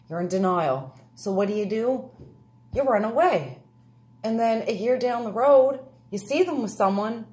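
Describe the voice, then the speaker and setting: A woman's voice: mid-range voice, a little mellow. Earnest woman giving a personal talk. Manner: earnest, confessional. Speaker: speaker.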